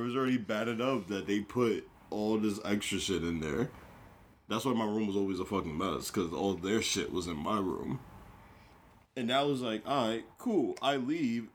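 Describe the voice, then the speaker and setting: A man's voice: on the low side, a little hiss or hum. A young man co-hosting a podcast, chatting casually, swearing freely and joking with lots of laughter. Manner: profane, joking, laughs a lot. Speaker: podcast co-host. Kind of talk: casual chat.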